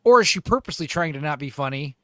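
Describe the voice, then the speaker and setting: A man's voice: a little high, lively intonation, fast talker, bright, forceful tone, dry recording, clean studio sound. A man hosting a livestream in casual chat, jokey and profane, rambling between topics. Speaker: livestream host. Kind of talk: casual chat reacting to a video.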